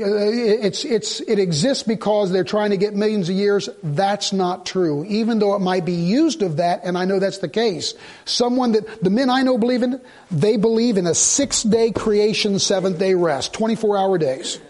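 A man's voice: high voice, vocal fry. A man preaching a sermon, telling a story and acting out both sides of a conversation. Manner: animated storytelling, acts out quoted dialogue.

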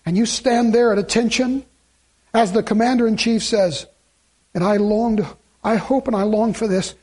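High-voiced man preaching a sermon. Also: steady tone, moderate pace, darkish tone. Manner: preaching with rising emphatic repetition. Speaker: pastor.

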